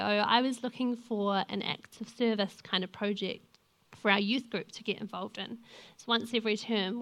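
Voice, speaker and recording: A young woman delivers a church sermon. Her voice sits slightly higher than most women's. She keeps it earnest and conversational, as though talking to friends in the pews. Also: fairly bright tone. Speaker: lay preacher and youth leader. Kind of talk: sermon with personal stories.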